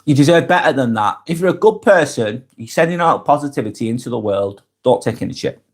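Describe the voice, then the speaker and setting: A man hosting a live vlog, reading comments aloud and answering them bluntly, often swearing, then softening to reassure. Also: mid-range voice, lively intonation, brisk. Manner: blunt, sweary, swings between brusque and reassuring. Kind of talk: casual live vlog chat.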